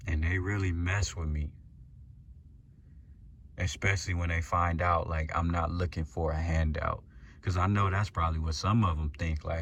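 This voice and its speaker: A man's voice: low-pitched, steady tone, moderate pace, fairly bright tone, slight background noise. A man hosting a podcast, talking to the guys in a loose, slangy, profane monologue and chuckling as he goes. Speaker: podcast host. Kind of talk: casual confident monologue to the guys.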